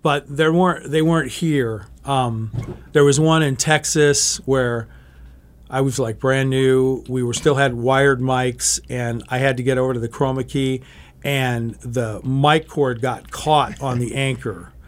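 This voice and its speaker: A man's voice: mid-range voice, fairly even intonation, measured pace. A middle-aged man, a TV meteorologist, chatting casually and telling stories, often restarting his sentences. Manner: rambling, self-correcting storyteller. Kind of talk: casual interview chat.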